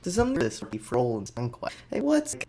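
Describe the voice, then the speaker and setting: A male podcast host who reads out headlines and riffs on each one with offhand jokes. His delivery is loose and rambling, and his voice sits in an ordinary middle pitch. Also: sing-song, fast, warm tone, a little hiss or hum. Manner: jokey, rambling, offhand asides. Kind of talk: casual comedic news commentary.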